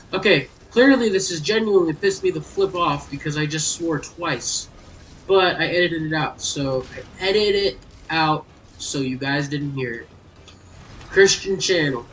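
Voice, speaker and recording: A man giving loud, exasperated gameplay commentary as a gaming YouTuber. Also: fairly high pitch, distant mic, slight background noise, poor audio.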